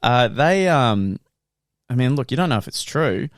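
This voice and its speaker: A young man co-hosting a podcast, telling stories in an animated way, laughing and swearing casually. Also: medium pitch, a little slow, no room sound. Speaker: podcast co-host. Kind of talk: casual chat.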